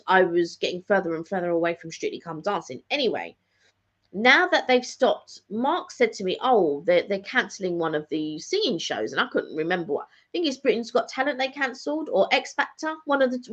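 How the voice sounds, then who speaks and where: A woman's voice: mid-range voice, animated, brisk, fairly bright tone. A middle-aged woman, chatting casually and rambling in a live catch-up vlog, often repeating phrases. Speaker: vlogger hosting a live catch-up. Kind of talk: casual chat. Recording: dull lo-fi recording.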